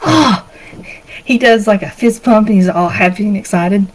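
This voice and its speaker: A woman's voice: medium pitch, brisk, low-quality recording. Woman game master, casual narration with lots of "uh"s. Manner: relaxed, filler-heavy narration.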